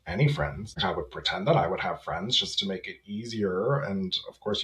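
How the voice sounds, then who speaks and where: A man in his thirties shares his personal story as a podcast guest, speaking candidly and reflectively. His voice sits a little on the low side. The recording carries a noticeable roomy echo. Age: 30s. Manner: reflective, candid, with small laughs. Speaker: podcast guest, memoir author.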